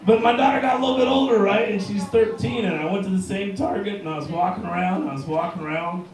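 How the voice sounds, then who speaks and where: A man in his thirties works a bar crowd with crude, punchy stand-up and shouts his punchlines. His voice sits a bit high for a man. It comes from far off the mic and rings with heavy bar room echo over faint noise. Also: fast. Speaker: stand-up comedian. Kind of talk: stand-up set. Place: bar stage before a live crowd.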